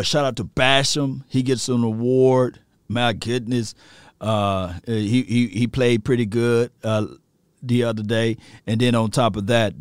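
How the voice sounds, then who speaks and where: Excitable man with a smooth, dry voice. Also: on the low side, no echo. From rural area. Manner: excitable storytelling, laughs often, slangy. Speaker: sports stream host. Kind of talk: animated sports talk.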